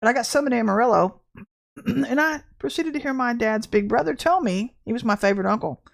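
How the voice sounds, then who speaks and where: A woman's voice: a little high, animated, a little fast, creaky. Emphatic woman preaching to camera. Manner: emphatic, blunt, laughs between points. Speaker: Christian ministry speaker. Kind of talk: impassioned spiritual talk to camera.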